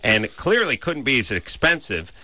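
A man hosting a call-in radio show, joking and riffing, firing quick questions at a caller. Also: medium pitch, sing-song, bright, forceful tone, no echo. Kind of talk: casual call-in radio banter.

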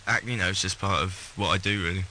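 A British-raised man, an actor guest chatting casually with relaxed fillers. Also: sits low, fast talker, rough recording. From Britain. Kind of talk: casual chat. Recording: light hiss.

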